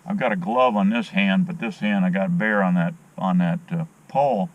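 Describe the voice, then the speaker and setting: Out on a dock with his rod, this middle-aged man rambles to the camera on a handheld phone in a low-pitched voice at a moderate pace. It's a casual, opinionated vlog chat packed with fillers, and the recording has its highs cut off.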